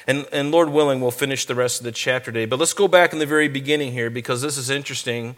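A middle-aged male pastor preaching a casual, chatty sermon. He drops into slow, weighty reading whenever he quotes scripture. His voice sits at an ordinary male pitch. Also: fairly bright tone. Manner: conversational, reads scripture slowly with emphasis.

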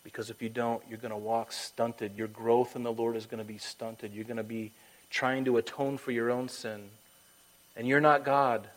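A man preaching a sermon and then leading a prayer. His delivery is emphatic, swinging between loud urging and quiet, hushed lines, and he sometimes slips into a high falsetto to act out voices. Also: little pitch movement, normal speed, low-quality recording. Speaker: pastor.

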